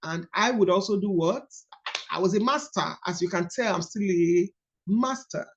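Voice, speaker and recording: A woman in her thirties with a Nigerian accent, leading a coaching call on a book study in a lively, emphatic teaching manner. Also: medium pitch, moderate pace, dull audio, slight background noise. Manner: animated, storytelling, emphatic. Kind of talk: casual teaching talk.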